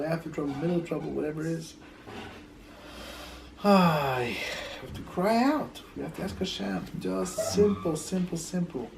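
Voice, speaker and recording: A man's voice: fairly high pitch, a little mellow, slight background noise, low-quality recording. A rabbi teaching a Torah class in a loose, conversational way, telling stories, repeating words as he thinks, and dropping in Hebrew terms.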